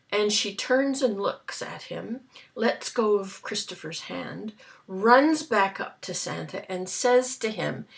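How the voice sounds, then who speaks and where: A woman tells a story in a casual, rambling manner, pausing for fillers and restarts. Her voice is gravelly and she takes her time with each phrase. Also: medium pitch.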